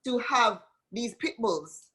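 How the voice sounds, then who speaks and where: A Jamaican singer with a Jamaican accent chats as a guest in a casual interview, telling animated stories and acting out quoted voices. Her voice is a little high and breathy, and she speaks slowly.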